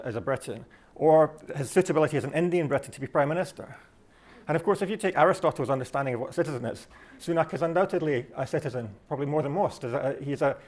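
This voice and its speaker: Scottish male speaker, quick and fairly high, reflective lecturer who restarts his phrases. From Scotland. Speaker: speaker giving a talk. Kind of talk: delivered talk.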